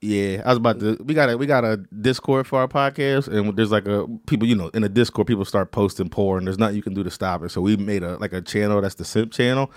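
A man's voice: lowish voice, quick pace, few pauses, no echo, studio quality. A young adult man, a podcast host, chatting casually, laughing often and swearing freely as he tells stories. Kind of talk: casual chat.

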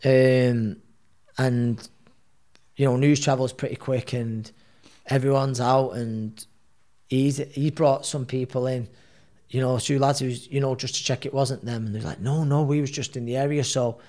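A man, telling a story at mid pitch. He rambles in an animated way and leans on fillers and restarts. He sounds like a podcast guest. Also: a little slow. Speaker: guest, boxer.

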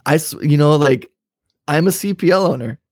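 A man's voice: on the high side, moderate pace, a little mellow, no room sound, clean studio sound. A young man co-hosting a podcast, ranting angrily with lots of swearing in casual chat. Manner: angry, profane ranting. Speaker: podcast co-host.

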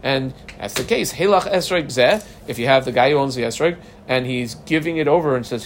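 A man giving a casual, lively Talmud lesson, mixing Hebrew terms into conversational English. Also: medium pitch, fairly quick, few pauses, a little hiss or hum. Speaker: Talmud teacher.

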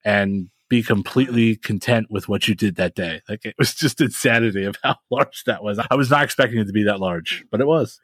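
A man co-hosting a podcast, telling stories in a casual, animated way and laughing often. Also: lowish voice, a little fast, no room sound. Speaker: podcast co-host. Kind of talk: casual chat.

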